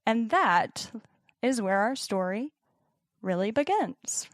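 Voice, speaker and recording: A young woman co-hosting a podcast, telling a story in partly scripted narration with dramatic pauses and casual swearing. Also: fairly high pitch, sing-song, dry recording, clean studio sound. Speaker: podcast co-host.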